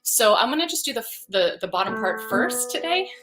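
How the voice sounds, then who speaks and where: A woman leading a livestreamed vocal warm-up as a vocal coach, chatting in a relaxed, encouraging way between exercises. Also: a little high, a little fast, music in the background.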